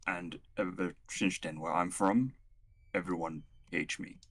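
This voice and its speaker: A man playing a tabletop role-playing game, talking in a hesitant, halting way. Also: sits low, fairly even intonation. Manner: hesitant, halting, soft-spoken. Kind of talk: in-character roleplay and table chat.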